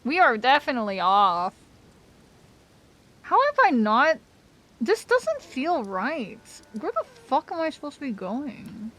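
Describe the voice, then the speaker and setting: A woman's voice: high-pitched, big pitch swings, measured pace, a bit bright. A woman streaming a game live, chatting casually with her viewers, swearing freely and laughing often. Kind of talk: casual live-stream chat while gaming.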